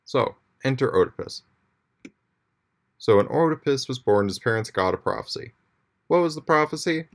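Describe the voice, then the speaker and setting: Student presenter, man, low-pitched, jokey slangy retelling of a classic play. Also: lively intonation, normal speed. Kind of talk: school presentation.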